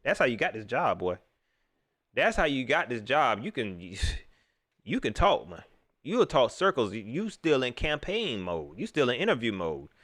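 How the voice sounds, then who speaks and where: A man's voice: mid-range voice, normal speed, no room sound, studio quality. A man hosting a live reaction stream, mocking and laughing as he comments on a clip. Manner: animated, laughing, mocking banter. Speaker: livestream host.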